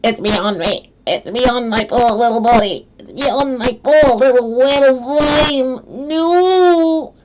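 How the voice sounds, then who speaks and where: A man's voice: a little high, expressive, voice pushed up, rough recording. A man attempting a feminine voice, playing a whiny, tearful young woman who wails and drags out her words. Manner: drawn-out, wailing. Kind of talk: streamer trying out voices.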